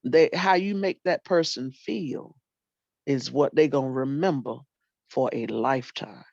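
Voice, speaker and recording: An older woman, a retired teacher and librarian, telling animated stories about her students in casual talk and acting out what people said. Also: extremely low pitch, unhurried, creaky, no echo. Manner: animated storyteller, acts out quotes, folksy Southern phrasing. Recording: dull lo-fi dry sound.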